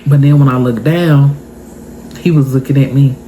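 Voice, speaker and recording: A young woman vlogger telling a story to her viewers in a casual, animated and emotional way. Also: extremely low pitch, moderate pace, slight background noise.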